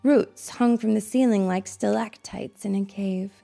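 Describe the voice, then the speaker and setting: Lady reading a kids story out loud, slow, husky and a bit gravelly. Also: medium pitch, faint music behind. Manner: expressive read-aloud with sound effects.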